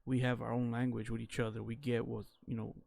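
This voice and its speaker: Candid man, gravelly edge, mid-pitched, casual personal storytelling with loose fillers. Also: completely flat delivery, brisk, darkish tone, a little hiss or hum. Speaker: vlogger telling his own story.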